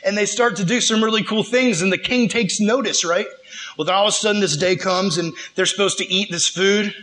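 Bright-voiced, slangy young preacher. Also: male voice, high-pitched, fairly quick, rough recording. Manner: slangy, animated storytelling. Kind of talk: casual sermon storytelling.

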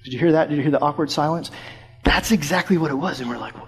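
Young male youth pastor, lively storytelling sermon voice, a touch higher-pitched. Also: fast, breathy edge. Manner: animated, acts out voices from his story.

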